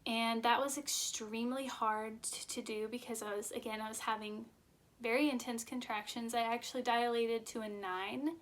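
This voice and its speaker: A young woman vlogger telling her personal birth story in a halting, emotional way, close to tears at times. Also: fairly high pitch, steady tone, a bit bright.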